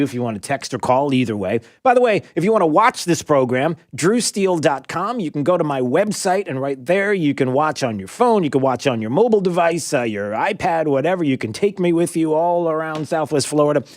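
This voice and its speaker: A man hosting talk radio from a studio, his fairly high voice leaping all over the place. He rambles, trips over fillers and starts sentences again. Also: a little fast. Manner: rambling, animated, many fillers. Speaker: radio talk show host.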